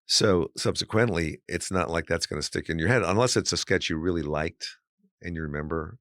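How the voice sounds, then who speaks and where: A man, a guest comedian, telling stories in a casual chat, animated and full of "you know"s. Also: low voice, brisk, dry recording, clean studio sound.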